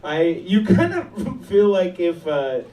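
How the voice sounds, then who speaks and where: A man's voice: high-pitched, sing-song, slow, warm tone. A man judging a comedy show, giving giggly, hesitant feedback. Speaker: comedy judge. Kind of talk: casual feedback. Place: comedy club. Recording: roomy, noisy club from a distance. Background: crowd and noise.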